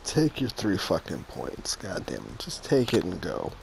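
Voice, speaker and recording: Animated man commentating his football video game. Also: low voice, unhurried, creaky, soft background music. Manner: swings from mumbling asides to loud exasperated outbursts, swears often. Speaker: gaming YouTuber playing a football video game. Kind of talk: casual live gameplay commentary.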